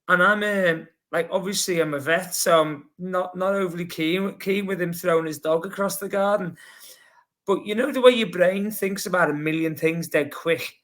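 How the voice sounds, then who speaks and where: A man with a Scouse accent, a podcast guest telling a rambling, lively story full of fillers. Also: high-pitched, normal speed. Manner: lively, rambling, heavy with fillers like "you know". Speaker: podcast guest, long-distance runner. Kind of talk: casual anecdotal storytelling.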